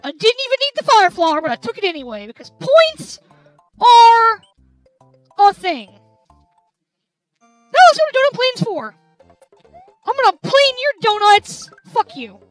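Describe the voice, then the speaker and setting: A tipsy young woman with an extremely high, bouncing voice that leaps all over the place, shouting and cursing at a video game. Her commentary is loud and foul-mouthed. Faint game music plays softly behind her. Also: sing-song, normal speed, long pauses, rough recording. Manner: loud, swearing, yelling at the game. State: tipsy from drinking. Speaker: gamer playing and commenting. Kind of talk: let's play commentary while drinking.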